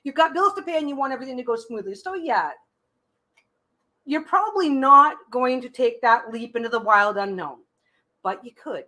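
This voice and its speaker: A slightly high-voiced woman gives live tarot readings in a loose, chatty way. She stumbles and repeats herself as she thinks aloud, then settles into reassuring advice. Her pitch sits a little above the usual. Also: animated, moderate pace, sharp tone. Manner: chatty, frequent restarts and repeated phrases. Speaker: tarot reader hosting a live stream.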